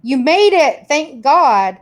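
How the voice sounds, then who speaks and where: A woman's voice: high voice, big pitch swings, takes it slowly. A woman hosting a casual live stream, chattily greeting viewers by name and reading their questions. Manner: warm greetings, chatty, rambling. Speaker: host reading viewer comments.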